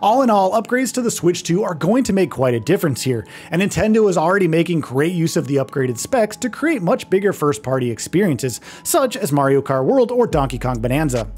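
Husky man reading a tech script. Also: brisk, hardly any pauses. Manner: lively read, often dropping pitch at clause ends. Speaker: video narrator. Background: faint background music.

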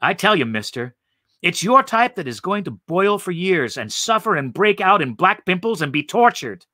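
A zealous street evangelist woman with a tambourine, preaching and scolding in folksy talk, as a man puts her on. The voice rides up high and loud with a bright, lively sound. It is a storybook reading recorded dry and close. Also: moderate pace, no echo, full character voice. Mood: indignant.

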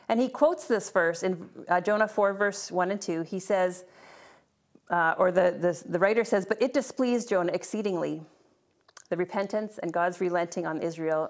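A woman teaching a Bible class, explaining scripture in an earnest way and reading verses aloud, with a few restarts along the way. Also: medium pitch.

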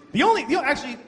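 A man's voice: extremely high pitch, fairly bright tone. A man doing a stand-up routine, rambling and swearing in disbelief on a live comedy stage. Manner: profane, rambling, incredulous. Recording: echoey hall with crowd noise.

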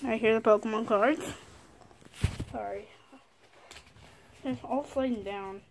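A school-age girl vlogging casually from her bed, excitable, reading card names aloud and often apologizing. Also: on the high side, slow, vocal fry, long pauses, a little hiss or hum. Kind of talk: casual card-opening vlog. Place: sitting on her bed at home.

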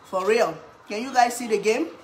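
A woman chatting casually in an eating vlog, humming with pleasure between bites and cheering when something catches her eye, then giving a playful pitch for her own products. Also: moderate pace, a little hiss or hum. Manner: chatty, talks while eating, hums with pleasure, bursts into cheers. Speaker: cooking vlogger.

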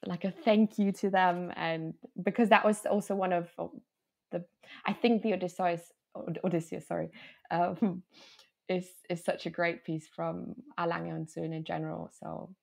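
A woman's voice: on the low side, steady tone, normal speed, gravelly, a little mellow. A woman from Germany, a podcast guest chatting casually in English with many fillers and restarts. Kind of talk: casual conversation.

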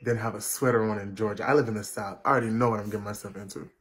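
A man's voice: fairly low pitch, steady tone. A young man hosting a casual livestream chat, brash and profane, reading viewer comments aloud and ranting at them. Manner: brash, profane, quick to rant. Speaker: livestream host.

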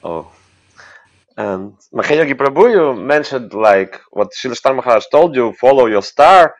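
A man's voice: medium pitch, animated, moderate pace, muffled recording. A man who is a guest in a casual interview, asking questions hesitantly and searching for words.

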